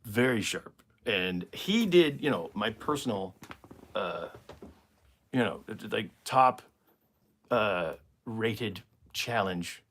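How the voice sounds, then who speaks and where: A man's voice: fairly low pitch, lively intonation, slow, fairly bright tone. An American man, a comedian, answering viewer questions in a casual, rambling live stream and laughing at his own jokes. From United States.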